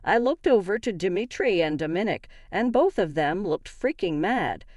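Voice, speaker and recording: A woman's voice: medium pitch, moderate pace, no room sound, studio quality. A woman narrating a dramatic first-person family story, reading every character's lines in much the same voice. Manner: reads all characters in an even narrating voice.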